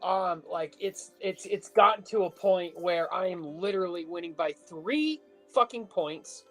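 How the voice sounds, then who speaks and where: A man co-hosting a casual podcast, swearing his way through a lively story. Faint music sits behind his voice. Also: high-pitched, unhurried. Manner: animated storytelling, heavy swearing. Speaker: podcast co-host. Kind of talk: casual chat.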